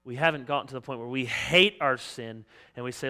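Impassioned bright-voiced male pastor. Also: medium pitch, brisk, hardly any pauses. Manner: impassioned, acts out quoted voices. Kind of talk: sermon.

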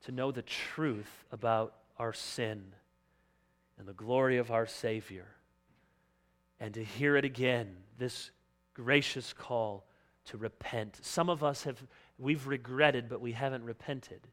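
A man preaching a sermon as pastor, impassioned and dramatic, swinging between loud urgency and quiet pleading. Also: medium pitch. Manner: impassioned, acts out quoted voices.

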